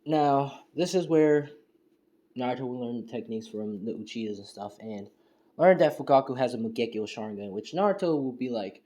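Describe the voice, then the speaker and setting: Man, mellow tone, loose rambling fan storyteller full of fillers, home recording. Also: medium pitch, lively intonation, a little fast. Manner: rambling, heavy on fillers like "you know" and "and stuff". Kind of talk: casual spoken fan-fiction retelling. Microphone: home screen-recording setup.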